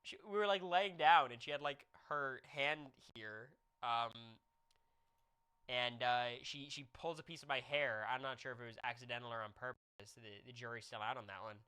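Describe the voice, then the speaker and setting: Bright-voiced young man telling a story. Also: mid-range voice, normal speed, smooth. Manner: animated storytelling, jokey. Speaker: streamer. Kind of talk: casual chat with viewers.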